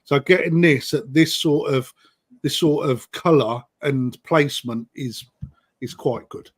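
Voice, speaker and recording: A middle-aged British man with a husky, mid-range voice speaks a little slowly while hosting a live koi auction stream. His manner is chatty and matey as he calls out bids and the time left.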